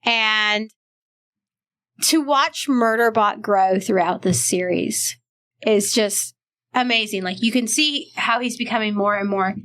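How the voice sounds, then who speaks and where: A woman's voice: mid-range voice, takes it slowly, a bit bright. A woman hosting a library podcast, chatting casually and enthusiastically about books, laughing often. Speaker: podcast host. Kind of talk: casual book chat.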